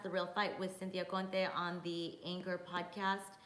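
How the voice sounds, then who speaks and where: A woman's voice: lowish voice, little pitch movement, measured pace, a bit bright. A woman hosting a casual live-stream Q&A, chatting with viewers and reading their comments aloud with plenty of fillers. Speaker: boxing podcast host. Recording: echoey room with faint noise.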